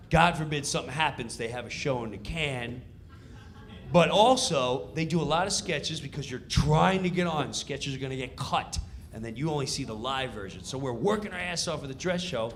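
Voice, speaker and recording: A man telling a stand-up comedy story in an animated, punchy way, acting out the scenes. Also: fairly high pitch, a little hiss or hum.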